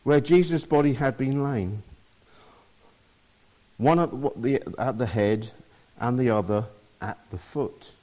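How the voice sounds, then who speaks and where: A man's voice: mid-range voice, takes it slowly, long pauses, dark tone. A man preaching a sermon, reading scripture aloud and explaining it to his listeners.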